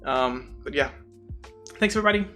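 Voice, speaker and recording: A male streamer rambles through a casual live-stream sign-off in a bright, sharp voice. He talks in a goofy, scattered way, stuffed with internet slang. Soft music plays faintly underneath. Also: a little high, expressive, a little fast.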